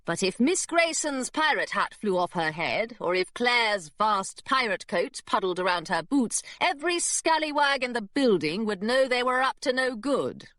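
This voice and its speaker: A woman narrating a children's adventure audiobook in an expressive storytelling manner. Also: mid-range voice, dry recording. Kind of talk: scripted narration.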